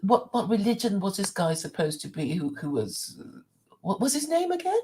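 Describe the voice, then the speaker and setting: A woman's voice: mid-range voice, sing-song, normal speed, crowd noise. A woman in casual conversation as a guest, asking follow-up questions and restarting her sentences. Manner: questioning, many restarts and "mm-hmm". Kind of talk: casual chat.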